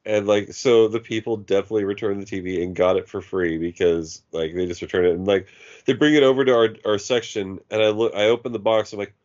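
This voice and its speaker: A man's voice: fairly low pitch, quick pace, darkish tone. Podcast guy rambling thru a story, lots of "like", swears a bunch, kinda muffled audio. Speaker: podcast co-host. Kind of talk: casual chat.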